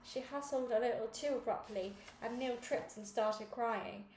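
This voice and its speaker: A woman reading a children's novel aloud in a lively storytelling manner. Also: mid-range voice, moderate pace, hardly any pauses, roomy sound, a little hiss or hum, low-quality recording. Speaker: reader.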